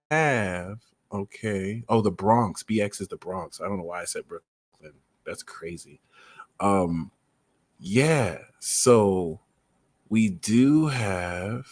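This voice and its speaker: A man hosting a live tarot reading stream, chatting casually and giving shout-outs to viewers. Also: fairly low pitch, no room sound, studio quality. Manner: shouting out viewers' locations, loose and slangy. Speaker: tarot reader hosting a livestream.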